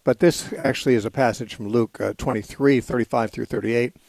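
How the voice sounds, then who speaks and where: A man hosting a call-in radio program, explaining scripture at an unhurried, measured pace. He pauses often with small fillers. His voice is close and dry, with no room sound, from a studio microphone. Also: mid-range voice, fairly even intonation, gravelly, darkish tone, no room sound. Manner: measured, explanatory, with frequent "uh" and "you know". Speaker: radio call-in show host. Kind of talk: call-in radio Bible answers.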